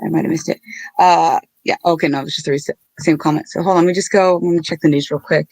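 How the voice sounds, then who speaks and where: A woman hosting a casual livestream, talking in an earnest, halting and apologetic way. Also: sits low, steady tone, a little mellow, dry recording. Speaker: livestream host.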